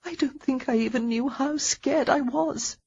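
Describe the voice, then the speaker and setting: A woman reading an audiobook, voicing an emotional young English gentlewoman who goes high and tearful when moved. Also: lively intonation, slow pace, breathy edge, dull audio, exaggerated voice. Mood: tearful whisper.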